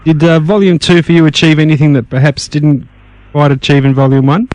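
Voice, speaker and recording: A man's voice: fairly high pitch, level tone, brisk, darkish tone, dry recording. An Australian man hosting a radio interview, asking plain, brief questions with small stumbles. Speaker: radio host.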